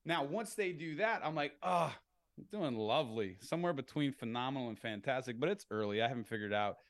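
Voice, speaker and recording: A middle-aged real estate entrepreneur, appearing as a podcast guest, explains sales tactics with animation and acts out phone calls in upbeat voices. His pitch is medium and his pace quick.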